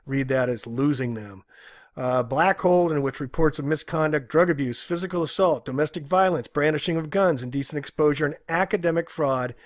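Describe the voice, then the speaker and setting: A man giving angry, indignant commentary, ranting with loud emphatic outbursts. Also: fairly high pitch, no room sound, studio quality. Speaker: video commentator.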